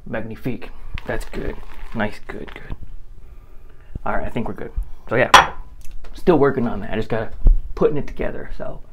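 A man's voice: lowish voice, normal speed, pauses often. Laid-back man, chuckling, rambling casual vlog chat, faint hiss behind. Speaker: shaving vlogger.

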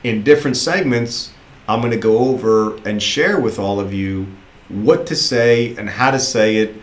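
A man's voice: fairly low pitch, moderate pace, reverberant. A man giving a casual, encouraging motivational training talk to new recruiters, often repeating himself for emphasis.

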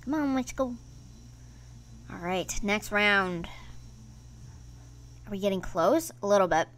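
A woman hosting her gaming channel, giving casual let's-play commentary in an excitable, playfully grumbling way. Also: mid-range voice, takes it slowly, a little hiss or hum.

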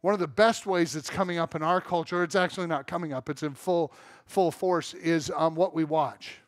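A middle-aged man from Southern California preaches in a church with a high, bright-pitched voice. The sound is dry and close. He is candid and self-mocking, and he acts out the voices of people he quotes. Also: moderate pace, dry recording. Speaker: pastor. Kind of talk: sermon. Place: church sanctuary.

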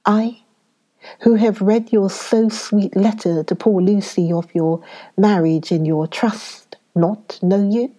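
A woman's voice: medium pitch, fairly even intonation, dark tone. A woman reading a solemn old foreign professor. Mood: earnest. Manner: solemn, halting, oddly worded speech. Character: elderly foreign male professor, earnest, effusive. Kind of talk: audiobook character reading.

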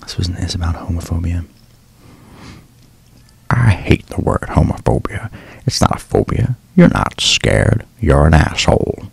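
A man doing an impression of a calm, wise older man with a gravelly voice and a Southern drawl, as a whispered role-play. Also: dry recording, full character voice. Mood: blunt. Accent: American Southern drawl. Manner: slow, low-chested.

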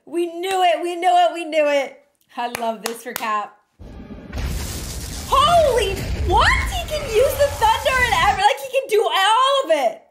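High-pitched excitable young woman reacting. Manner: excitable, shouting and laughing at the screen. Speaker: reaction video host. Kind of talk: live movie reaction commentary. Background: film soundtrack playing.

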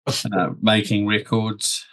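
A man in his sixties from New Zealand, calmly recalling his past as a podcast guest. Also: lowish voice, slow. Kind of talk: casual podcast chat.

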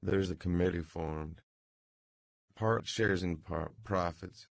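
A man reading the lines of a thoughtful, polite middle-aged man, in his own deep voice. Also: takes it slowly, vocal fry, dry recording, full character voice.

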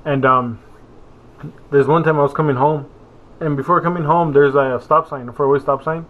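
A man's voice: fairly high pitch, fairly even intonation, normal speed. Rambling young man on a tinny phone-like line. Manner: meandering, full of fillers and self-corrections. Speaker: vlogger. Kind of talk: rambling casual vlog. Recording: phone-like narrow sound.

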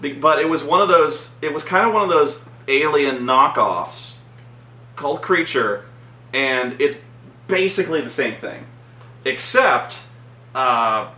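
A man's voice: mid-range voice, bright, forceful tone. A man casually recapping a film as a vlog host, rambling with lots of "like" and free swearing. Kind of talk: casual movie recap chat. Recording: echoey room, mic far off, faint noise.

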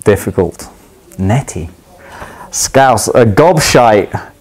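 A young man with a London accent, a footballer, casually explaining slang in a chatty, easygoing way with lots of ums and quick laughs. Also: on the low side, poor audio. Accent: London English. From England. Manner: relaxed, chatty, laughs easily, many ums and restarts.

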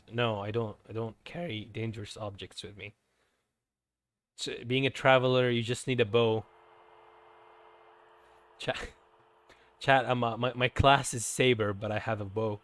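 A man's voice: mid-range voice, fairly even intonation, normal speed, pauses often, fairly bright tone, smooth. A young man casually chatting with his viewers while playing a game, rambling and self-deprecating. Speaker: streamer. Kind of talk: casual game stream chat.

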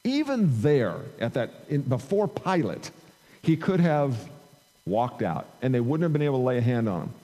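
A man's voice: medium pitch, sing-song, normal speed, warm tone, long reverb tail, rough recording. A man preaching a conversational sermon into an amplified microphone, reading scripture aloud and rising in emphasis. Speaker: pastor. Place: church sanctuary.

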